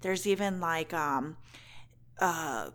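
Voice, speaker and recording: A woman's voice: sits low, takes it slowly, fairly bright tone. A woman, co-hosting a casual podcast chat, talking in a gushing, emotional way with lots of "like" and "um". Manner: chatty, emotional, frequent "like" and "um" fillers. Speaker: podcast co-host.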